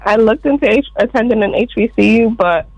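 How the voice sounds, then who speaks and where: Polite young woman caller, measured. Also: fairly high pitch, lo-fi sound, crowd noise. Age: 20s. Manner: polite, measured, says "yes, sir". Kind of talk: casual call-in chat.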